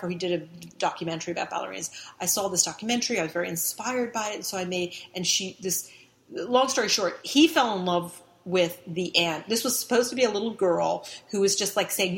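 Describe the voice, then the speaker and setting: A woman's voice: on the low side, fast, vocal fry, a bit bright. Rambling middle-aged woman telling a story. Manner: rambling, with many restarts and fillers; laughs while telling. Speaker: interview guest. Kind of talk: casual storytelling.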